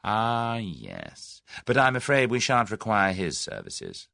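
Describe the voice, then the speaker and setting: A man reading an audiobook voices a smooth, scheming middle-aged businessman, speaking in a suave, persuasive, measured way. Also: on the low side, wildly swooping pitch, sharp tone, no echo, clean studio sound, voice pushed up, heavily acted.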